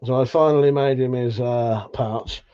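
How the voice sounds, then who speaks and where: A man's voice: medium pitch, fairly even intonation, moderate pace, mellow, smooth, highs cut off. A man hosting a casual live chat stream, laid-back and tired, who swears freely as he chats to viewers. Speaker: livestream host.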